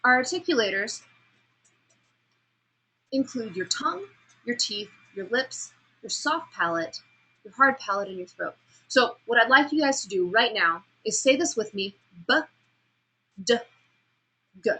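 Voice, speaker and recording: A woman teaching a class on public speaking, lecturing lively and demonstrating pitch and emphasis as she explains. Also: normal speed, long pauses, husky, rough recording.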